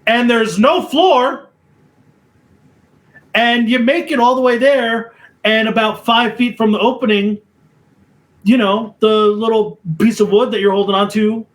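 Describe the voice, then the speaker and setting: Slow-talking high-voiced man. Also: low-quality recording. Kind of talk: casual podcast chat.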